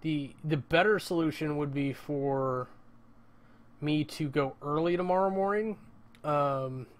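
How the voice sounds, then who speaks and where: A man's voice: fairly high pitch, a little slow. Rambling, swearing man vlogging from home. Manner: rambling, swears casually, self-interrupting. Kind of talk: casual rambling vlog.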